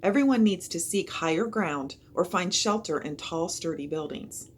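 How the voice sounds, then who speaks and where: A woman voicing a young boy trying to sound calm as he warns people of a storm. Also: on the low side, normal speed, a little hiss or hum, natural voice. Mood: earnest.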